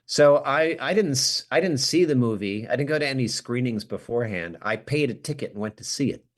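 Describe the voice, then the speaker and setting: A man's voice: medium pitch, brisk. A man guesting on a podcast, chatting casually and telling self-deprecating stories with an American accent. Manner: animated, self-deprecating storyteller who acts out quotes. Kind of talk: casual interview chat.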